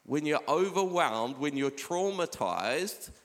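New pastor preaching in a hall. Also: male voice, on the high side, lively intonation, slow. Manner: conversational, warm preaching with scripture readings. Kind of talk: sermon. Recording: live hall with long reverb.

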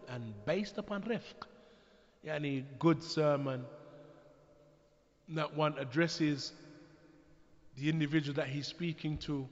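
A man delivers a religious lecture in a slightly high voice. He talks in a measured way, pausing and restarting phrases as he thinks. The recording is dull and lo-fi, with a long hall reverb. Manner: measured, with frequent restarts and pauses. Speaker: Islamic preacher. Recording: echoey hall, dull lo-fi sound.

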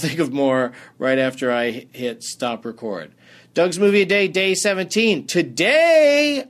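A man's voice: medium pitch, a bit bright. Man giving dry sarcastic movie reviews. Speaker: movie review podcast host.

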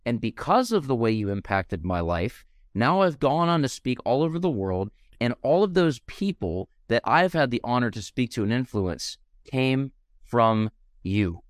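Young man, podcast host, lively swinging delivery, dry close mic, fervent and heartfelt. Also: mid-range voice, normal speed, no echo. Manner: passionate, heartfelt, animated. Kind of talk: podcast interview.

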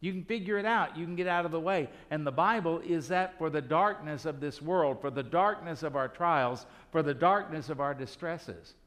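Pastor guy preaching, kinda high voice, chatty storytelling, big reverby room. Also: normal speed, few pauses, fairly bright tone. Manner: storytelling, conversational, rhetorical questions. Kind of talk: sermon.

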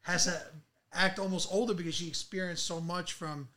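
A man hosting a podcast, asking questions in relaxed, easygoing chat. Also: sits high, normal speed. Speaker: podcast host.

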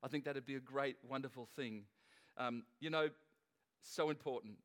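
At a moderate pace and in a mid-range voice, a middle-aged man delivers a sermon as pastor of a church service. The style is relaxed, conversational and full of jokes, with many restarted sentences.

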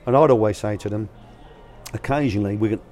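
A man's voice: lowish voice, fast, darkish tone, faint music behind. An older man, a guest telling anecdotes about coaching young players in a casual, colloquial way. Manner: anecdotal, colloquial, acts out quoted voices. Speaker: guest, former youth academy manager. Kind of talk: storytelling interview answers.

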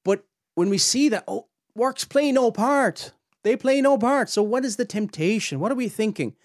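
A man's voice: extremely high pitch, lively intonation, normal speed, no echo, clean studio sound. A man hosting a podcast, teaching on theology in an earnest, emphatic way that climbs sharply when he presses a point. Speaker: podcast host and Bible teacher.

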